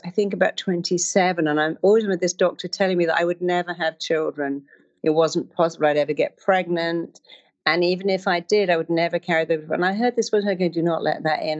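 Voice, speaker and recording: A woman with a fairly low voice gives a motivational talk as a therapist. She tells stories from her own life and her practice, slipping into the voices of the people she quotes. The audio is slightly dull and lo-fi. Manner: storytelling, acts out quoted voices.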